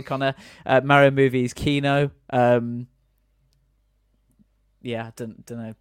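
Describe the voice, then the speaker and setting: A man's voice: medium pitch, dry recording, studio quality. A man hosting a casual podcast chat, chatty and reading out viewer comments. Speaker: podcast host.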